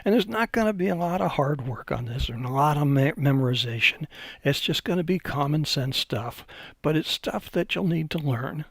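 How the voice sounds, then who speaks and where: A man's voice: fairly high pitch, lively intonation, normal speed, creaky, breathy edge, dry recording. A man giving an unscripted hydraulics webinar, telling folksy stories with some hesitations. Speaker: hydraulics instructor.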